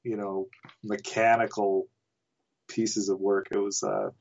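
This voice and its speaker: Podcast guest: canadian-raised man, low voice, rambling chuckling anecdotes, dull lo-fi audio. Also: flat delivery, takes it slowly, vocal fry, a little mellow. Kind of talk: casual anecdote telling.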